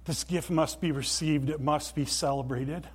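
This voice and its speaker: A man preaching a sermon in a church, earnest and emphatic, with deliberate pauses. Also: a little high, steady tone. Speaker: pastor.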